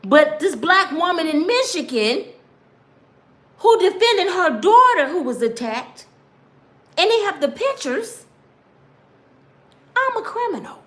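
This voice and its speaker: A woman's voice: extremely high pitch, sing-song, slow pace, pauses often, fairly bright tone. A woman in her fifties telling her own story in an impassioned personal monologue, emphatic and preachy, speaking straight to her listeners and acting out what others said. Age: 50s. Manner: acts out other people's words in quotes.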